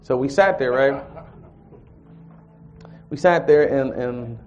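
Man giving a lively church testimony, mid-pitched voice, muffled lo-fi recording. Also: takes it slowly, soft background music. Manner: animated storyteller, acts out dialogue, chuckles. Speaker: church group speaker. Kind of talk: personal testimony and scripture reading.

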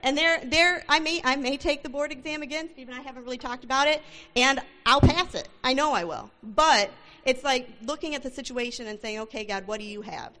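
A middle-aged woman giving a church testimony, telling her story in an animated way and acting out the dialogue. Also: high-pitched, fairly quick. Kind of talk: testimony sermon.

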